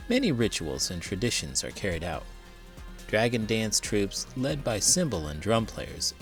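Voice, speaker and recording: A man reading a children's picture book aloud with dramatic, expressive storytelling. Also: fairly low pitch. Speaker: teacher and children's book reader. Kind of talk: children's read-aloud narration.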